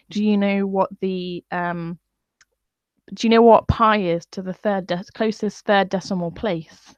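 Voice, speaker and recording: A woman's voice: mid-range voice, steady tone, a little slow, dry recording. A woman venting in a profane, scornful live-stream rant. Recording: dull lo-fi dry sound.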